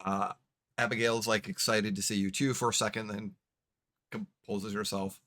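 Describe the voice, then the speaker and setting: A man's voice: on the low side, little pitch movement, moderate pace, pushed and bright, no room sound, studio quality. A man narrating as game master of a tabletop game, searching for words as he goes.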